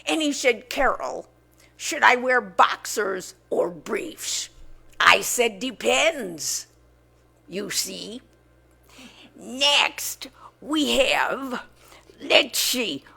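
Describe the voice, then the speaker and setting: A woman impersonating a gushing older Broadway star with a raspy, breathy voice. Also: fairly high pitch, expressive, drawn-out words, long pauses, bright, forceful tone, exaggerated voice. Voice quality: raspy, gravelly.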